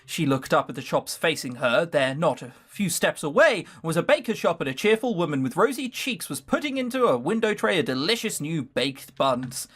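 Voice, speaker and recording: A man's voice: on the high side, big pitch swings, moderate pace, few pauses, a bit bright, husky. Sardonic man reading a visual novel aloud. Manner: sardonic, swearing asides. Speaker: let's play host reading a visual novel.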